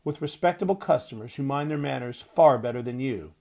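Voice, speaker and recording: A man's voice: medium pitch, fairly quick, gravelly, mellow. A man voicing a determined, dignified middle-aged mother who talks in a firm, insistent way. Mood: indignant.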